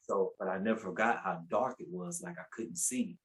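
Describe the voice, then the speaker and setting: Man, podcast guest, personal testimony, casual storytelling, lively delivery, repeats his words. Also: fairly low pitch, normal speed, low-quality recording. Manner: animated, acts out quotes with raised voice.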